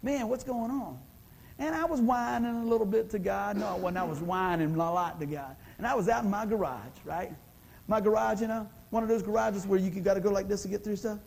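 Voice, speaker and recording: A man's voice: high voice, quick pace, vocal fry, a little mellow, low-quality recording. A man preaching a sermon in a folksy, conversational way, often asking the congregation for an amen. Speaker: pastor.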